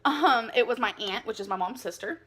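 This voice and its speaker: A woman's voice: a little high, brisk, fairly bright tone. A woman vlogging casually to camera, rambling and giggling, with lots of "like" in her speech. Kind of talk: casual confessional vlog talk.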